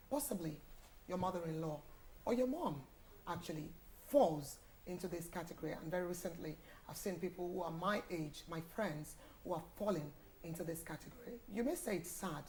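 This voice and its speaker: A woman's voice: fairly low pitch, normal speed, slight background noise. Effusive woman hosting a TV panel. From Nigeria. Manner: effusive, lively greetings and praise of guests. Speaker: TV show host.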